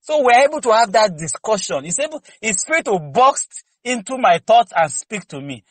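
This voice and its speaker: A man's voice: high voice, big pitch swings, moderate pace, no room sound, rough recording. A man preaching to a congregation, exhorting fervently with rhetorical questions and candid personal stories. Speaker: lay preacher. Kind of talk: preaching teaching session.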